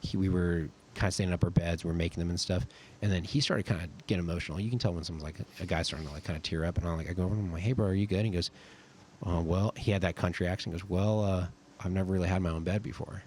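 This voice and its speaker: A young Californian in his twenties, an army sergeant appearing as a podcast guest, rambles through casual stories packed with "like." His low voice is steady in tone, very fast and somewhat dark, with slight background noise.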